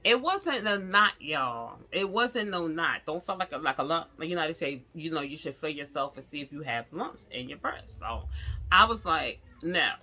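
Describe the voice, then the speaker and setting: A middle-aged woman telling a personal story to camera, animated and talking straight to her viewers, acting out the other people's lines. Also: sits low, moderate pace. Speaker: vlogger.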